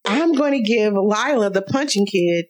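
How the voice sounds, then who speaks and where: A woman co-hosting a podcast, talking in an animated, outspoken way and laughing often. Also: mid-range voice, normal speed, rough recording. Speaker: podcast co-host. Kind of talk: casual podcast chat.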